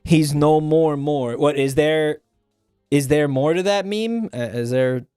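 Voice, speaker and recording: A man's voice: on the high side, takes it slowly, mellow, smooth, no room sound, clean studio sound, soft background music. A man streaming live and chatting casually, joking around and swearing freely.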